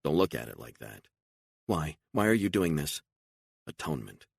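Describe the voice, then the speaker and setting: A man's voice: a bass voice, very animated, normal speed, gravelly, slightly rough, no echo, clean studio sound, exaggerated voice. A man voicing a frightened, emotional woman on the run, pleading and incredulous and raising her voice often, in an audiobook.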